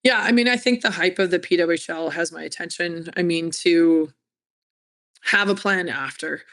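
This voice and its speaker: A woman's voice: fairly low pitch, normal speed, a bit bright. A woman college hockey coach, talking candidly and telling stories in an interview. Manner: chatty, storytelling.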